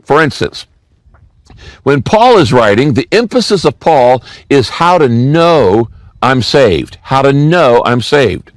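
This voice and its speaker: A man's voice: medium pitch, big pitch swings, slow pace, dry recording. An older man giving a sermon as pastor, teaching through a scripture passage and repeating key phrases for emphasis.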